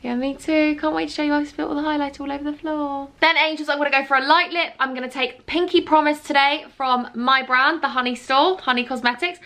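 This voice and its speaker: A woman's voice: high-pitched, steady tone, fairly quick, few pauses, pushed and bright. A woman in her twenties chatting playfully and teasing herself while doing her makeup. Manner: chatty, playful and self-mocking. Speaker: beauty vlogger. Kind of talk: casual get-ready-with-me chat.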